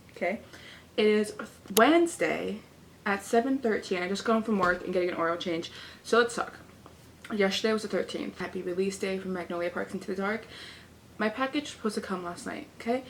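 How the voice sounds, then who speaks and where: A young woman chats straight to the camera from her apartment, excitable and gushing. Her voice sits at an everyday middle pitch, with a faint hiss under it. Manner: chatty and excitable, talks to viewers as friends. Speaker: book vlogger. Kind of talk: casual reading vlog chat.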